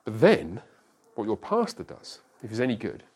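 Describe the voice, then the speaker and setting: A man's voice: on the low side, wildly swooping pitch, normal speed, darkish tone, breathy edge. A middle-aged man, a pastor, teaching a church class in a conversational way and often checking that listeners follow.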